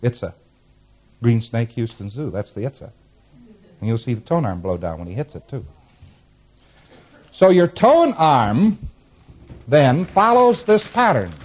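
A man's voice: medium pitch, sing-song, measured pace, long pauses, a little mellow. A man giving a classroom lecture. He walks through diagrams on a board, chuckles now and then, and acts out short examples as he explains. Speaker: instructor.

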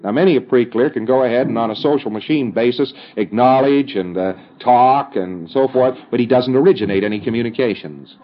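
A man's voice: medium pitch, fairly quick, hardly any pauses, slight background noise. Man lecturing on dull old tape. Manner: conversational, emphatic, with folksy fillers. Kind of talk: recorded instructional lecture.

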